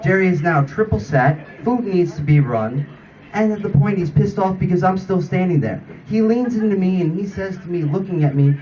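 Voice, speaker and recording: A man's voice: sits high, normal speed. A man roasting a coworker with a profane, exasperated story, recorded from a distance with a lo-fi sound and a crowd laughing along. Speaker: roast speaker. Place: comedy roast venue with audience.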